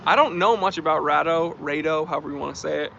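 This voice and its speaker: A man's voice: on the high side, expressive, very fast, gravelly, fairly bright tone, slight background noise. A man hosting a casual live stream, chatting and reading out and thanking viewer comments. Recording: dull lo-fi stream audio.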